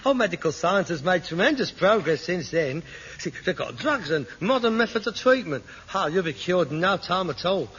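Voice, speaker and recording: An actor playing a self-pitying, melodramatic grown son in an old radio sitcom. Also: male voice, high voice, big pitch swings, normal speed, slightly rough, exaggerated voice. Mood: reassuring. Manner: melodramatic, whining, theatrical. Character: hypochondriac adult son, dramatic and self-pitying. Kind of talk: 1960s radio sitcom acting. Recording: dull old broadcast recording with loud hiss.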